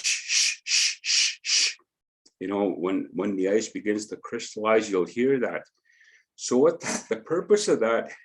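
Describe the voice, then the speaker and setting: A middle-aged man giving a spoken teaching at home, unhurried, repeating words and ending phrases with "eh?". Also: mid-range voice, breathy edge. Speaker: Indigenous knowledge teacher. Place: indoors at home.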